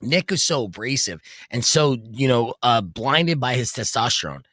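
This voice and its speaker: A man in his thirties, hosting a podcast, telling stories in an animated, rowdy way and yelling out the lines he quotes. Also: medium pitch, normal speed, dry recording, studio quality. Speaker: podcast host. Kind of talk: casual podcast storytelling.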